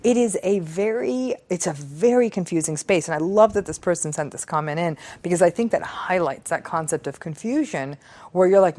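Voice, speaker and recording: Earnest, measured woman psychologist, lower voice. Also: animated, darkish tone. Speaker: psychologist reading viewer comments. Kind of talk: reflective talk on relationships.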